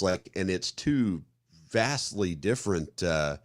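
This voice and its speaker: Brief: man from the Midwest, very low voice, dry close sound, loose chatty podcast co-host who restarts and acts out examples. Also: expressive, normal speed, no room sound. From American Midwest. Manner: rambling, restarts often, acts out example scenarios. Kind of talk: casual conversational discussion.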